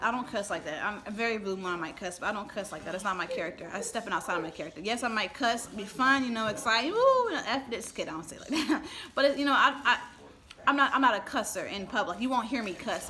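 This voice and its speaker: Sharp-toned and quick, with a mid-range voice, a woman livestreams from home as a vlogger, venting in a rambling, irritated, emotional way full of restarts. Kids can be heard chattering nearby.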